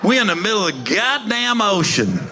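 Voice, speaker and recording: A man doing stand-up comedy, telling profane, animated stories and acting out the people in them. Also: sits high, a little fast, slight background noise. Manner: animated, profane, acts out characters in quotes.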